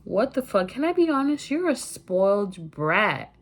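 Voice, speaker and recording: A woman's voice: mid-range voice, big pitch swings, unhurried. A woman voicing a blunt young woman who scolds her friend in a storytime vlog, mocking and dismissive. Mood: scornful.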